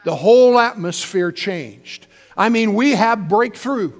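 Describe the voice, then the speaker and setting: A man's voice: high voice, animated, a little slow, long reverb tail, soft background music. A male pastor preaching a fervent sermon, calling out to his congregation.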